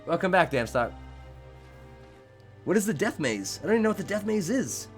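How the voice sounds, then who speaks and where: A man's voice: sits high, sing-song, normal speed, faint music behind. A young man hosting a game live stream, talking casually with his chat in a rambling, profane way.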